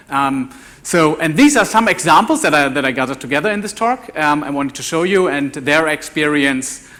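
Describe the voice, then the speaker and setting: A man in his forties from Germany with a German accent, giving a live conference talk as a developer evangelist, talking in a halting way with many restarts and repeated words. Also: a little high, a bit bright. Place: conference ballroom.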